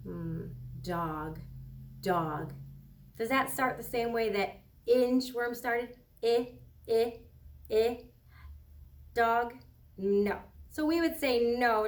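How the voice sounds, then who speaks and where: Distant, higher-voiced woman teaching kindergarten phonics. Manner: slow, patient, drawn-out words for sounding out. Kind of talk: recorded phonics lesson for young children.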